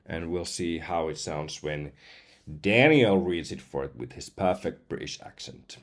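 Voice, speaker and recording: Deep-voiced man chatting through a tutorial. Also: measured pace. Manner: relaxed, chatty, explaining with small asides. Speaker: professional voice-over artist testing AI voices. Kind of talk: casual tutorial chat.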